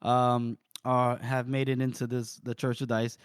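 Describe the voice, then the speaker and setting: A man co-hosting a podcast, recapping a book chapter in an animated way and laughing often. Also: mid-range voice, unhurried, clear, resonant tone, no room sound, studio quality. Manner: animated retelling with frequent laughs. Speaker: podcast co-host.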